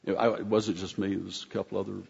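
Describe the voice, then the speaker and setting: Folksy low-voiced preacher in reverberant church. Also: male voice, level tone, racing, gravelly, a little mellow, husky. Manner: folksy, rambling, frequent restarts. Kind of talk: conversational sermon. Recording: dull sound with long hall reverb.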